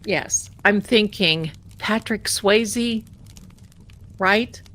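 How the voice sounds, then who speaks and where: A woman hosting a tarot livestream, chatting casually and telling a personal story in an animated, amused way. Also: mid-range voice, extremely slow. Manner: chatty, animated, laughing at her own story. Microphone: desk mic at home.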